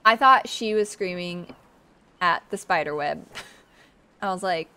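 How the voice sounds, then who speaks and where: A woman's voice: lowish voice, measured pace, sharp tone, clear, resonant tone. A woman streaming and playing her own game, chatting casually, joking at herself and talking to things on screen. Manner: chatty, self-mocking, talks to the game. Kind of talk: casual gameplay livestream. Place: sunny room.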